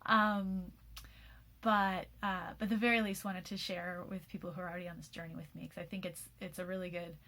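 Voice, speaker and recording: A woman's voice: fairly low pitch, level tone, fairly quick, bright, forceful tone. Tired woman in her 40s rambling candidly, lots of ums and restarts, laughs here and there. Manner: laughs often mid-sentence. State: tired after an all-nighter. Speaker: program host. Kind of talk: personal video message.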